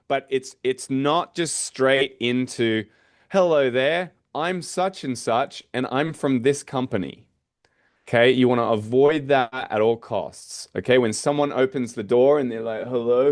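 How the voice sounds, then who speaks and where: A man coaching real estate agents on door-knocking, casually acting out doorstep conversations. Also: medium pitch. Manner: casual, acts out doorstep dialogue. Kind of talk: teaching door-knocking technique.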